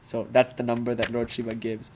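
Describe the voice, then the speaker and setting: A man's voice: medium pitch, completely flat delivery, a little fast, slight background noise. A man giving a casual spoken philosophy lesson, playful and emphatic, with joking asides. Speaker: philosophy teacher.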